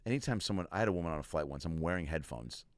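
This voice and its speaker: A man's voice: low voice, rapid-fire, no room sound, clean studio sound. A man in his thirties hosting a podcast in casual chat, telling stories and acting out voices. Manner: animated storyteller, acts out voices. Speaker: podcast host.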